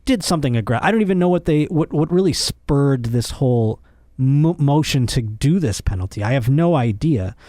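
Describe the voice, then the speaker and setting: A man's voice: normal speed, no room sound, studio quality. A man hosting a comedy podcast, ranting and joking crudely, his voice jumping up when he gets worked up. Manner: animated, crude, jokey, voice jumps high when worked up. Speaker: podcast host. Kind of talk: casual comedic rant.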